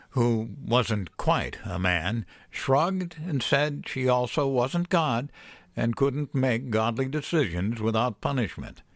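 A man narrating a scripted horror story in a slow, measured way. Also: medium pitch, no echo.

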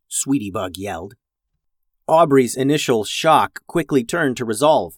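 Male storyteller, expressive and animated, close dry mic. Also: mid-range voice, measured pace, no room sound. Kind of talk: storybook narration.

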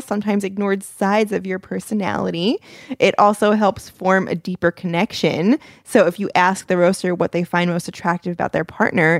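A woman's voice: on the low side, no room sound, studio quality. A young woman co-hosting a podcast in casual chat, chatty and self-mocking, laughing often. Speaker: podcast co-host.

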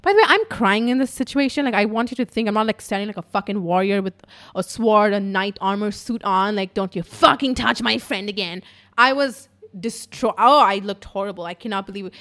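A woman's voice: medium pitch, a bit bright. A young adult woman hosting a podcast, telling a story in a casual monologue, swearing often and filling her talk with "like". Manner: chatty, swears often, fills with "like". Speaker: podcast host.

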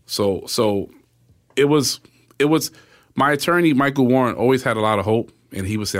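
A man's voice: medium pitch, moderate pace. A man in his forties, a guest in a casual interview, tells his story, acting out the quoted voices and often asking "right?".

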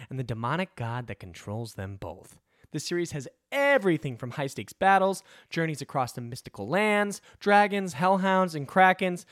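A man reads podcast sponsor ads with a mock-intense, dramatic delivery. His voice sits a little high and moves widely in pitch, and the sound is dry and close. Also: no room sound. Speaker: ad reader. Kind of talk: podcast ad read.

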